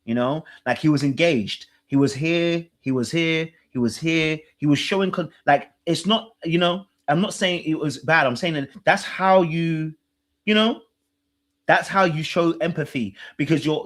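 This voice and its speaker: Animated man hosting a reaction show. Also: on the high side. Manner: animated, teasing, laughs, mimics people in a hushed voice. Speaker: podcast host reacting to a dating show. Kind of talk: casual reaction commentary.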